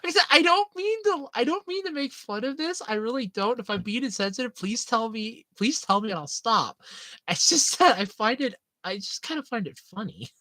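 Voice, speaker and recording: Chatting casually with viewers, a young woman speaks a little fast in a fairly high-pitched voice with no echo. She's giggly and animated as she tells stories, laughing often.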